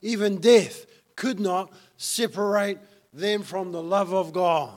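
A man's voice: high voice, slow. A man preaching a sermon as pastor, emphatic and fond of repeating key lines for effect.

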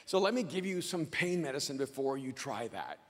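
A man quoting a calm, firm nurse. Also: medium pitch, brisk, big-room sound. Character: firm hospital nurse, adult woman, calm and matter-of-fact.

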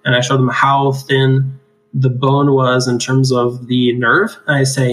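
A man's voice: mid-range voice, little pitch movement, a little slow, a bit bright, rough recording. Laughing man explaining oral surgery. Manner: laughs often, explains with rhetorical "right?". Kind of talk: casual clinical discussion.

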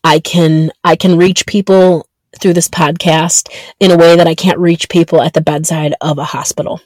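A woman in her thirties hosting her own podcast, talking earnestly and haltingly with many ums and restarts. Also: fairly low pitch, little pitch movement, a little mellow, no room sound. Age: 30s. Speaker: podcast host. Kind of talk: reflective solo podcast monologue.

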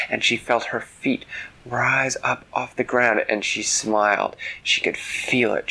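Male storyteller for a children's show, gentle telling, bright husky tone. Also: on the low side, rough recording. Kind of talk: bedtime story narration.

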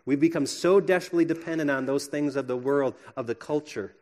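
Pastor preaching a sermon, male, slightly high voice, earnest, alternating hushed and emphatic. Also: brisk.

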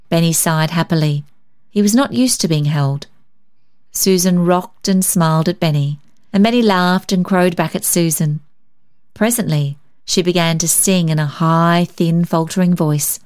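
A woman narrating a storybook in a measured, gentle reading style. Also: on the low side.

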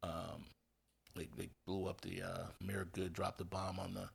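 This man speaks in a low, gravelly, somewhat husky voice. He is from Indiana and tells stories freely in a relaxed interview, with many restarts and little voices for the people he quotes. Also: measured pace. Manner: animated storyteller, acts out quoted voices, many fillers and restarts. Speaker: guest, football coach. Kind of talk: casual storytelling interview.

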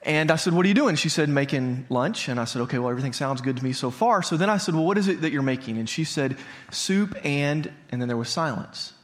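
A man's voice: medium pitch, rapid-fire, few pauses. A man in his thirties, a pastor, preaching to a congregation in a conversational way, telling a personal story and asking the audience questions. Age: 30s. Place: church hall before a congregation.

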